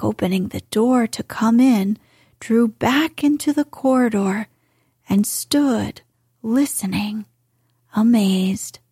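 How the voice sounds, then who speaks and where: A woman narrates a storybook in a soft, half-whispered delivery. Her voice is slightly high and husky, and she reads very slowly. The sound is dry and close. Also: dry recording. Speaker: audiobook narrator.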